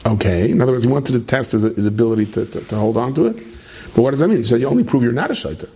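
Middle-aged male rabbi, gravelly and husky, loose storyteller who keeps restarting and quizzing the room. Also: medium pitch, lively intonation, racing, mellow. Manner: rambling storyteller, many restarts, asks the room questions. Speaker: rabbi teaching a class. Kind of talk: late-night Torah lecture to students.

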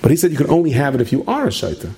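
A man's voice: a little high, sing-song, rapid-fire, mellow, slightly rough. A middle-aged man giving a late-night Torah lecture to students, telling stories in a rambling way with many restarts and questions to the room. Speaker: rabbi teaching a class.

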